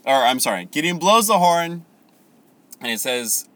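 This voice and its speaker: Man, bright voice, casual Bible teacher, animated, self-correcting. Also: a little high, measured pace. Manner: animated, laughing, corrects himself.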